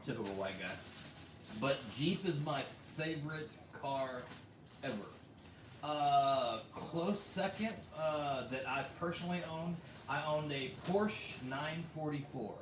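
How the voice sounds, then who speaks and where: A man's voice: a little high, takes it slowly, distant mic. An American man hosting a casual vlog, reading viewer comments in a chatty way with lots of fillers and laughs. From United States. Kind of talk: casual livestream chat. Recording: roomy echo, a bit off mic, faint background hum.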